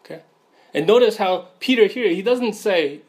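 A man's voice: sits high, expressive, normal speed, a little mellow. Casual man giving a sermon. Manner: casual, many fillers, asks "right?" often. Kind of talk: informal sermon.

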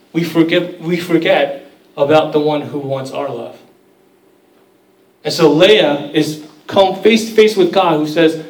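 A man's voice: on the high side, unhurried, reverberant, recorded from a distance, low-quality recording. A man preaching a sermon in a conversational, storytelling way, acting out quoted voices. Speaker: pastor.

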